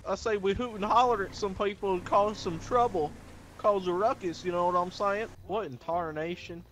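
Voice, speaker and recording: A man's voice: high voice, normal speed, a bit bright, slight background noise. A man role-playing a jittery, rowdy redneck who wants to recruit people into his gang, talking in a folksy way. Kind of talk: video game role-play.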